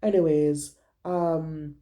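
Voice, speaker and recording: A young woman vlogger telling a casual storytime, animated, gossipy and full of swearing. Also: sits low, very slow.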